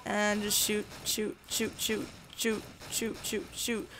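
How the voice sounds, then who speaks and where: A woman's voice: mid-range voice, monotone, slow, rough recording. A young woman hosting a gameplay video, teasing a friend by playing a bossy mock mother and yelping at the game. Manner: bursts into loud yelps at the game. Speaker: gaming channel host. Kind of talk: casual gameplay chat.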